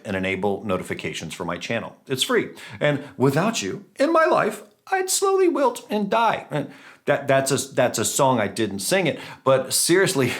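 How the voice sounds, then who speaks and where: A man hosting a gaming channel, giving chatty, self-mocking commentary on a battle with playful jumps in pitch. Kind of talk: casual game commentary.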